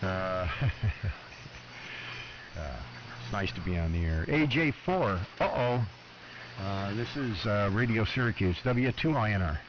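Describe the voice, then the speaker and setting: Man, very deep voice, cheerful joking radio chat, static hiss, dull muffled sound. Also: unhurried, long pauses. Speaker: ham radio operator. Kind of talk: casual on-air radio chat. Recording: muffled amateur radio audio, clear static.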